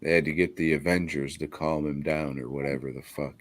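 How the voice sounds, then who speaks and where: A man's voice: very deep voice, steady tone, a little fast. A man co-hosting a podcast in casual chat, laid-back, dry and teasing. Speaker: podcast co-host.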